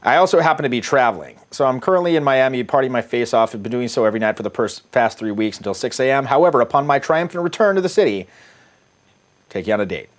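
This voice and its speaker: A fast-talking, expressive man of medium pitch, middle-aged and from the United States. He's a dating coach who reads his app chats aloud in a casual, foul-mouthed way, often laughing at his own humor.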